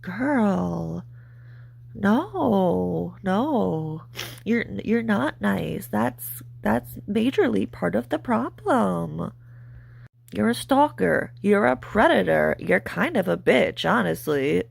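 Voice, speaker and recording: A woman's voice: mid-range voice, lively intonation, takes it slowly, dry recording. A woman hosting a commentary rant, mocking and profane, with a sarcastic edge. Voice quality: gravelly vocal fry. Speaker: commentary channel host.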